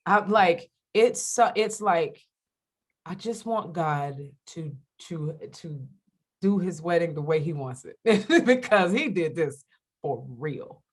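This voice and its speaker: Speaking slowly at a fairly low pitch, a middle-aged radio host and comedian chats candidly about faith as an interviewee. She is an animated storyteller who voices the people she quotes.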